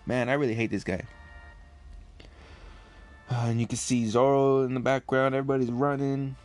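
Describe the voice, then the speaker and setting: A man casually reviewing a comic chapter, relaxed and rambling with lots of fillers. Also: mid-range voice, measured pace, pauses often, faint music behind.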